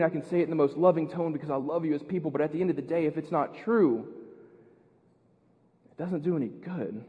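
An American man preaching a sermon as pastor, earnest, repeating words and building to loud emphasis. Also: a little high, a little fast, long pauses, big-room sound. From United States. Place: church.

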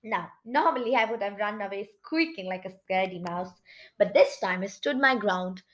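A woman reading a children's storybook aloud, expressive, with chatty asides to listeners. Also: medium pitch, normal speed, rough recording. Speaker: audiobook reader.

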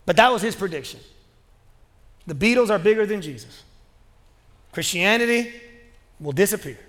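A man's voice: sits high, animated, normal speed, a bit bright. A man preaching a sermon as pastor, talking in a casual, joking, conversational way. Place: church sanctuary. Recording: long reverb of a large hall.

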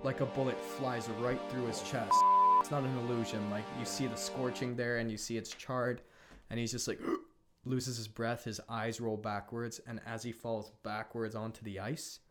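A man casually retelling a film story as a podcast co-host, laughing often and tossing in quick character quotes. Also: medium pitch, level tone, over music. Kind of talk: casual animated storytelling chat.

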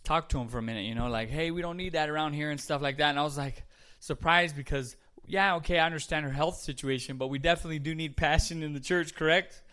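Guy preaching a laid-back podcast sermon, bright slightly high voice, cracks jokes. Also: fast talker, few pauses. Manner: chatty, jokey, self-correcting, laughs at himself.

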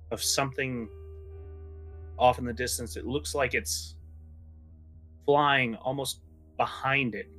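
Bright-voiced drawling game master man. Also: medium pitch. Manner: casual, drawling with fillers and swearing. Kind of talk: narrating a tabletop game.

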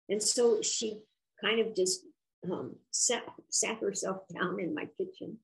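An older woman, an author, telling a personal story in an interview in a reflective, earnest, unhurried way. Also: medium pitch, steady tone, vocal fry, poor audio.

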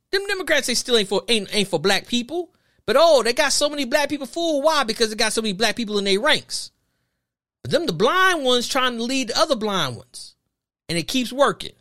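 A podcast host with a sharp, mid-range voice delivers an emphatic, preachy opinion monologue, packed with rhetorical questions and repeated phrases.

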